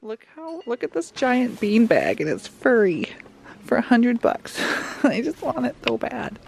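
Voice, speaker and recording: A man's voice: very high voice, huge pitch swings, a little slow, vocal fry, a little hiss or hum. Giggly chatty young man vlogging. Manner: giggly, playful, chatty with frequent laughs. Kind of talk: casual vlog chat while shopping. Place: home goods store, indoors.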